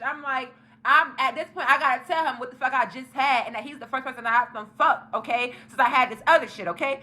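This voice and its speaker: A young woman telling a story to her viewers, animated and profane, talking straight to the camera in a casual storytime. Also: high voice, fast talker.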